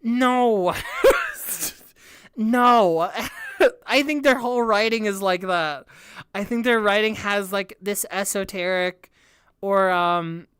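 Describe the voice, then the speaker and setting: A woman's voice: mid-range voice, takes it slowly, long pauses, a bit bright, clean tone, no echo, clean studio sound. A young woman streaming a music reaction, thinking aloud with hesitant restarts, laughing and swearing as she reads lyrics.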